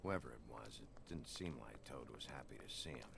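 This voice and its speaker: An actor playing a gruff, hard-bitten male detective in a video game, speaking tersely. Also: animated, moderate pace, noisy background, full character voice. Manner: terse, low-key.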